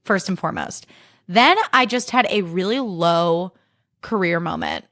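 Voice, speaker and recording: A woman's voice: on the low side, wildly swooping pitch, unhurried, fairly bright tone, dry recording, studio quality. A young adult woman hosting a podcast alone, talking casually, candidly and emotionally, and swearing freely. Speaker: podcast host. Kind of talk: casual solo chat.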